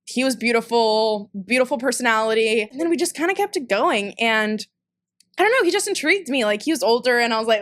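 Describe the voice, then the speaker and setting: A young woman from Peru, a podcast guest, telling a story in casual chat, animated and swearing freely as she acts out what she said back then. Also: on the high side, quick pace. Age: young adult. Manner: animated, swears freely, acts out her own past lines.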